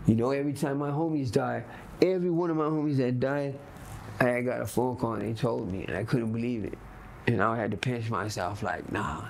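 Gravelly man with Los street talk. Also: mid-range voice, a little fast, darkish tone, a little hiss or hum. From Los Angeles. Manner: blunt, profane street talk, keeps asking "you know what I mean". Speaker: interviewee. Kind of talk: candid storytelling interview.

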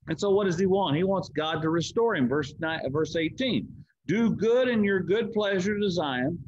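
A man's voice: sits high, no echo. A man leading a church Bible study, reading scripture aloud and explaining it with rhetorical questions and repeated words. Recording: dull, lo-fi church stream.

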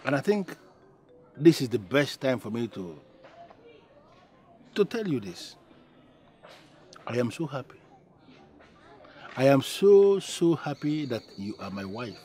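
Nigerian accent, doting young husband, halting, earnest, lively pitch, faint music behind. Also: male voice. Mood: affectionate. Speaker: actor. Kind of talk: Nollywood film acting.

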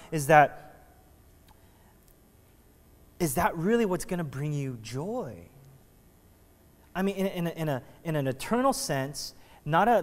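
Pastor, male, slightly high voice, chatty joking sermon delivery, long church-hall reverb. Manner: casual, joking, conversational preaching with frequent restarts. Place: church sanctuary.

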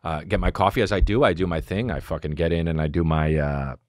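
A man hosting a podcast, telling rambling stories in a profane, animated, casual monologue. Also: sits low, fast talker, no room sound, clean studio sound. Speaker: podcast host.

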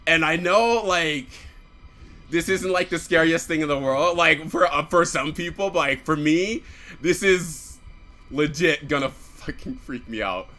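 Young man, gaming commentary, swears a lot, bright tense voice, faint music in the background. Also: fairly high pitch, a little slow. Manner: swearing, jumpy, screams and rambles. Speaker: gaming YouTuber. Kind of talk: horror game let's play commentary.

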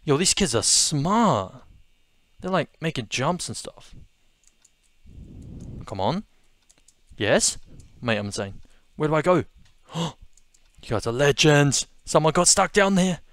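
A young man with an Australian accent giving excitable let's-play commentary, gasping and repeating his exclamations. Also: on the high side, slow pace, pauses often, no room sound. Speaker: gaming video host.

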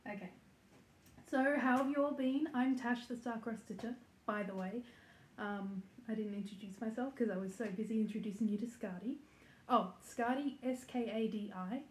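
A woman with a medium-pitched, slightly mellow voice hosts a casual cross-stitch flosstube vlog from her home stitching room, talking to camera. She's chatty and giggly, full of ums and likes, and the echoey room has faint noise.

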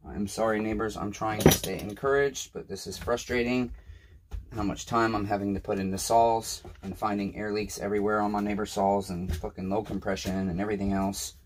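A man's voice: fairly low pitch, steady tone, brisk. Tired, swearing man in a noisy workshop. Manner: frustrated, muttering, swears often. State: tired and overwhelmed. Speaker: small-engine repairman. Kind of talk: casual workshop vlog.

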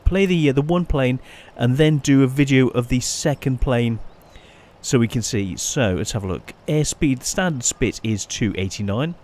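A man giving casual, chatty gameplay commentary as a channel host, often pausing and restarting his sentences. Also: medium pitch, animated, a little mellow. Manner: chatty, halting, many restarts and fillers.

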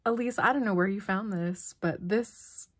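A woman hosting her craft channel, chatting casually and gushing as she opens mail, often dropping into soft whispers. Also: mid-range voice, moderate pace, breathy edge. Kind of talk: casual unboxing vlog.

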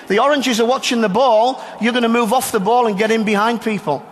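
A man's voice: very high-pitched, steady tone, a little fast, long reverb tail, slight background noise. A man coaching youth players in a live session demonstration, giving directions and explaining the drill to watching coaches. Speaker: soccer coach.

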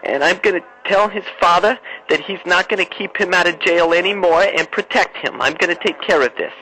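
A hushed, melodramatic mother, put on by a man on a prank phone call, rambling on in a tense, sharp and fairly high voice. She keeps her voice low and tells her troubles. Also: fairly quick. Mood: hushed upset. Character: distraught middle-aged mother talking hushed. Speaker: prank caller.

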